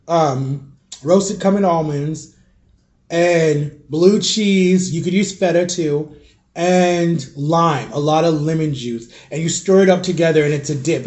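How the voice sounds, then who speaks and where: A man's voice: fairly high pitch, a little mellow. A young man vlogging and telling a personal story to his viewers in a rambling, confiding way, full of fillers. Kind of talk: casual storytelling vlog.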